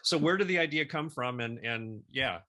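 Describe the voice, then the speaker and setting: Bright, lively low-voiced male host. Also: moderate pace. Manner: chatty and easygoing, with short affirmations and laughs. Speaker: interview host. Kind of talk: casual interview chat.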